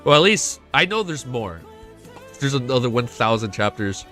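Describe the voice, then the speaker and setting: A man hosting a casual livestream chat, excitable and swearing freely, his voice jumping between high and low. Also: normal speed, faint music behind. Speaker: livestream host.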